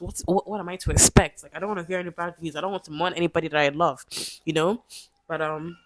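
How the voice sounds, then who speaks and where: Low-voiced woman urging her viewers on. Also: no room sound. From Nigeria. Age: 20s. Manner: repetitive, pleading, emphatic encouragement. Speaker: vlogger. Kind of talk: casual motivational talk to camera.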